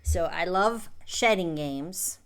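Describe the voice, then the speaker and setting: A woman co-hosting a casual chat, animated and given to playful exclamations. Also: on the low side, slow. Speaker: co-host.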